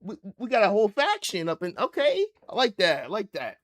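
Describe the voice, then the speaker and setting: A young man hosting a live reaction stream, talking in a casual, slangy and excitable way and laughing easily. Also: high-pitched, a little fast. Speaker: livestream reaction host.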